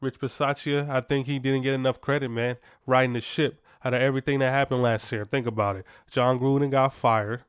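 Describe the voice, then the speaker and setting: Opinionated man with a smooth dry voice. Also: mid-range voice, steady tone, brisk, hardly any pauses, no echo. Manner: conversational, opinionated, frequent fillers and restarts. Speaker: sports podcast host. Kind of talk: casual sports opinion monologue.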